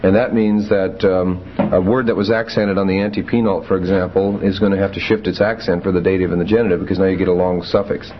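Low-voiced man lecturing in a muffled classroom. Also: little pitch movement, slight background noise. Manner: methodical, halting with fillers. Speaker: Greek teacher.

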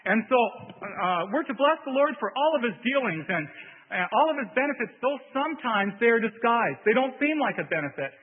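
A man with a very high voice delivers an earnest sermon, hammering his points with repetition. The sound is thin and phone-like. A long hall reverb trails his words. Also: big pitch swings, a little fast, husky. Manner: earnest, repetitive emphasis with "see". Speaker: preacher.

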